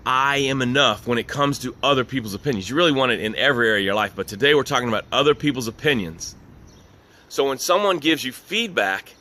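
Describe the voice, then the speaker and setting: Bright, emphatic middle-aged man coaching. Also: medium pitch. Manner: earnest and emphatic, repeats key phrases. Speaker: business coach. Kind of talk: motivational talk.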